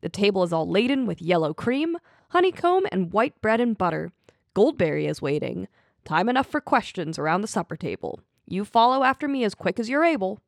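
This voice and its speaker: A woman's voice: mid-range voice, sing-song, fairly quick, creaky, no room sound, studio quality. A woman reading aloud as a jolly, welcoming ancient forest being, in a lilting, sing-song way. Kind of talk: reading a book passage aloud.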